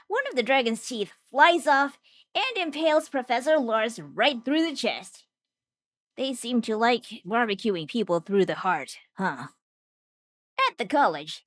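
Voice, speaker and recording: A woman's voice: on the high side, very animated, a little slow, no room sound. A woman narrating a scripted anime recap with jokey, wisecracking asides.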